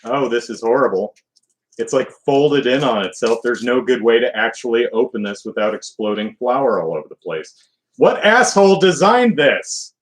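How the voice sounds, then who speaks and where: A man's voice: mid-range voice, normal speed, poor audio. A man hosting a live stream, baking and grumbling to himself in casual, exasperated chat.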